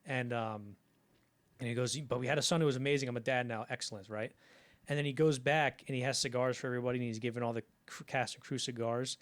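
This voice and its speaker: On a film podcast, a male co-host shares anecdotes in a loose, chatty manner, acting out quoted lines as he tells them. His pitch sits in an ordinary middle range and his pace is quick during this casual film history chat.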